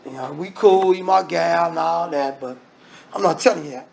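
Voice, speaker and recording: A man's voice: fairly high pitch, normal speed, vocal fry, a little mellow, voice pushed down. A man acting out a lovestruck strongman who firmly refuses to tell his secret. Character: smitten strongman, calm and firm with his girl.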